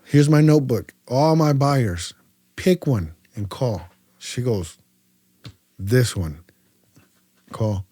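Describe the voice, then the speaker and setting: A man from California's Central Valley, a podcast guest telling stories in a casual way, acting out both sides of his conversations with lively voices and often stumbling over and repeating his words. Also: medium pitch, takes it slowly, pauses often, no echo, studio quality. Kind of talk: casual storytelling.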